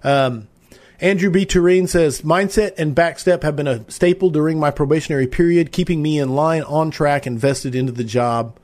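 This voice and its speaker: A man's voice: fairly high pitch, normal speed, a little mellow. A man hosting a live-stream interview podcast, enthusiastic and chatty as he reads out viewer comments. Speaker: podcast host.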